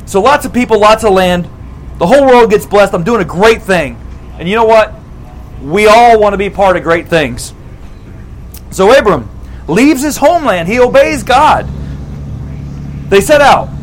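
High-voiced, animated male preacher. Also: normal speed, pauses often, poor audio. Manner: conversational, animated, repeats phrases for emphasis. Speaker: pastor. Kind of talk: sermon.

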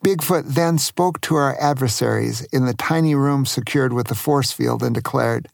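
An older man narrating a children's adventure story, slowly and often asking the listener questions. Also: mid-range voice, gravelly, no echo, studio quality. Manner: slow, asks the young listener questions.

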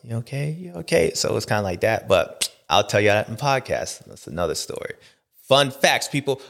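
A man's voice: lowish voice, lively intonation, normal speed, a bit bright. A man hosting a casual, joking commentary, talking in slang and mimicking other people. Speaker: host.

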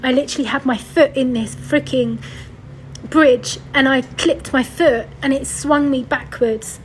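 A woman's voice: sits high, a little hiss or hum, low-quality recording. A young woman hosting a podcast, telling a personal story in a tearful, rambling way, sighing and correcting herself as she goes. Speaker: podcast host.

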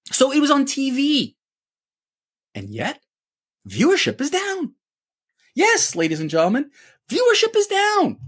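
On a sports opinion show, a male co-host launches into an emphatic rant packed with rhetorical questions. His voice is extremely high and slightly rough.

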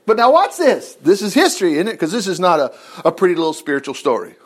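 Animated preacher, high and lively. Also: male voice, quick pace, breathy edge. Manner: expressive, reads scripture aloud and comments with exclamations. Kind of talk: animated Bible teaching.

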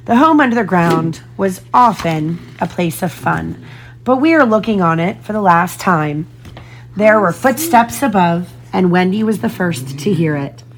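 A woman narrating a children's storybook in a gentle, expressive way. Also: on the low side, measured pace, slight background noise. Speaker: storybook reader.

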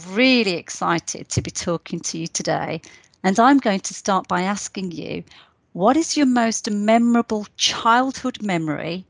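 A woman's voice: medium pitch, animated, unhurried, gravelly, no echo. A woman interviewing a guest, hesitant and full of fillers as she asks her questions. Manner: hesitant, many fillers when asking.

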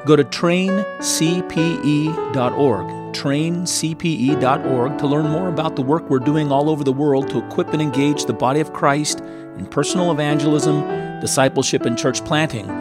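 A male radio ministry host reads a scripted sign-off in a friendly, measured way. His voice sits fairly high. Loud plucked guitar music plays behind him. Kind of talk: scripted closing announcement.

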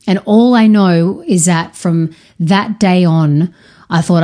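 Woman, thirties, low and mellow voice, blunt candid storyteller who curses freely. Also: takes it slowly. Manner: frank, swears freely, many restarts.

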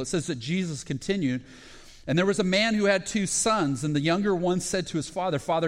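A male pastor retells parables during a sermon, using short phrases full of fillers and restarts. He grows excited as he reaches the high points.

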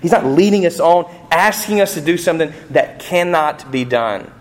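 Middle-aged male pastor, animated preacher, big pitch swings, rhetorical questions. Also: normal speed. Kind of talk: sermon.

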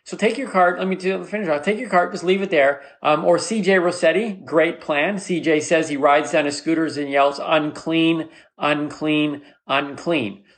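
A male comedian rambles through a solo podcast monologue with a voice pitched a bit above the usual for a man. He tells his story in an animated, mock-rallying way and jumps into a squeaky high voice when he quotes people. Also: fairly quick, few pauses.

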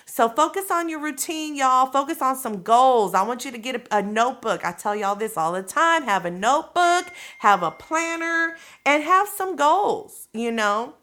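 A woman's voice: high voice, animated, moderate pace, hardly any pauses, fairly bright tone. A woman hosting her own podcast, giving a casual, motivational talk to listeners in a direct, coaxing, slangy way, checking in with "okay?" and "you know what I'm saying?". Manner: colloquial, slangy delivery. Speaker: podcast host.

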